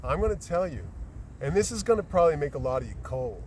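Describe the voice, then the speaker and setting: Out on a bluff by the lake, a man running for council is interviewed in casual conversation, rambling and joking as he goes. His voice is fairly high and darkish in tone, with big pitch swings and a fast delivery. A distant outdoor mic picks up ambient noise around him.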